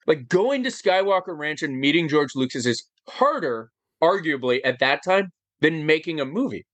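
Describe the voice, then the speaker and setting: A man in his forties, an interview guest, telling a personal story with lots of fillers, animated and getting choked up as he goes. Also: a little high, moderate pace, hardly any pauses, dry recording. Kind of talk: emotional storytelling in conversation.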